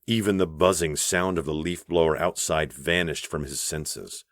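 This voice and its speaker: A man narrating an audiobook in a measured, even storytelling voice on a close studio mic. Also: rumbling low, dry recording. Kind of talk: scripted narration.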